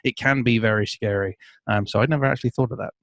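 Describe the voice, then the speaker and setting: A man from the United Kingdom hosting a podcast interview in a casual, chatty way, quick to laugh and enthusiastic. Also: mid-range voice, fairly bright tone. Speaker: podcast host.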